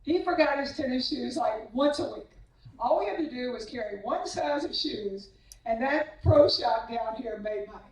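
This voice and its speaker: A woman with a high voice gives a humorous after-dinner speech, telling teasing anecdotes about her former tennis players. She acts out their voices as she goes. The sound is echoey and distant, as if the mic sits across a large banquet hall. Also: expressive, normal speed, a little mellow.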